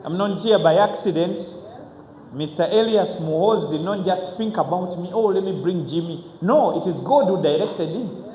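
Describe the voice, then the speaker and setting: A man, telling his own story to an audience as a motivational speaker, earnest and halting, with frequent restarts. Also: high voice, darkish tone, slight background noise. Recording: echoey hall with faint ambience.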